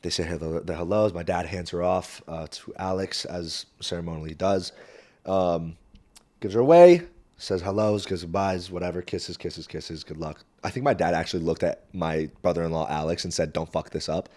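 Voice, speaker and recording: A young man hosting a podcast, telling a story in a casual, animated way and swearing freely. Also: sits low, normal speed. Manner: animated, swearing, jumps into quoted voices. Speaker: podcast host. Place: small warm room indoors. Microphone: camera mic, solo recording.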